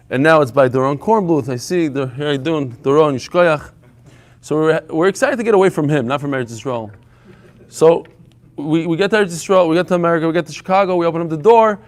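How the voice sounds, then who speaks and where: A man leading a live Talmud class before a small audience, telling stories in a lively way and mixing in Hebrew and Yiddish terms. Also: fairly high pitch. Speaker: Talmud teacher.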